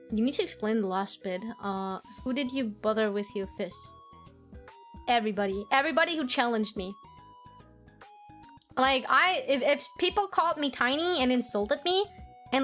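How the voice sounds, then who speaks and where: A woman streamer telling childhood stories to her chat, swearing freely, laughing often and mimicking family members in squeaky voices. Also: fairly bright tone. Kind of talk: casual storytelling chat with viewers.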